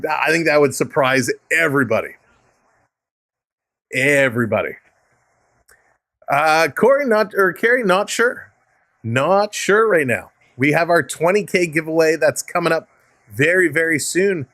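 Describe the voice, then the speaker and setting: A Canadian man gives live hockey play-by-play on his stream, upbeat and chatty, thanking viewers by name between plays. His voice sits a little high for a man and sounds dry and close, with no room around it. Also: expressive, a little slow, pauses often, bright, forceful tone, no room sound. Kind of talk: play-by-play commentary mixed with chat replies.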